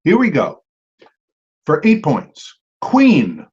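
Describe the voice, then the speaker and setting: Quiz host, male, slightly high voice, chatty, repeats clues, dull lo-fi audio. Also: wildly swooping pitch, a little mellow, slightly rough. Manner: chatty, repeats each clue, quick asides and apologies. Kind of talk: reading trivia questions and chatting with teams. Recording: dull lo-fi recording.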